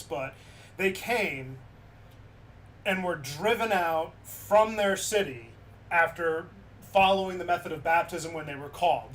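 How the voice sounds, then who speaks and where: High-voiced man chatting on a stream. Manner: animated, loose with many fillers. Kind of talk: casual chat retelling a story. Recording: distant mic with faint background noise.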